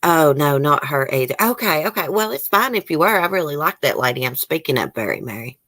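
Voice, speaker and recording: A woman's voice: deep voice, big pitch swings, fairly quick, fairly bright tone. A woman hosting a casual live stream, chatting with viewers and reading their comments aloud. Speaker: YouTube host.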